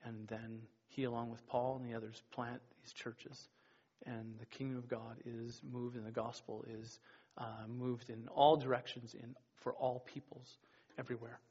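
Husky-voiced man preaching casually. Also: medium pitch, level tone, moderate pace, darkish tone, muffled recording. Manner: rambling and conversational, with many restarts and acted-out quotes. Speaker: youth pastor. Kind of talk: casual sermon.

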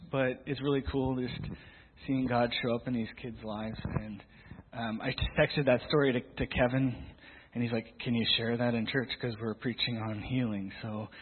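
A middle-aged man shares a testimony from the church stage, breaking into acted-out quotes and restarting his sentences. His voice is husky. The sound is thin and phone-like, with a long hall echo. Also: medium pitch. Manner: animated storyteller, acts out quotes, many restarts. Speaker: youth leader sharing a testimony in church. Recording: tinny, echoey hall recording.

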